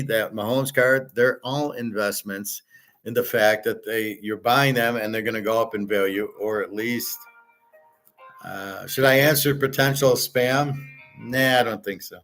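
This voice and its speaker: A man's voice: medium pitch, a bit bright. A middle-aged man lecturing a class in a blunt, rambling way, swearing freely and often restarting his sentences. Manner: many restarts and repeated words. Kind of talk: casual lecture.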